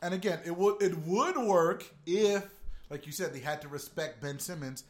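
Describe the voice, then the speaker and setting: A man's voice: fairly high pitch, moderate pace. A man hosting a casual sports podcast, brash and emphatic, talking straight to his listeners. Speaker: podcast host.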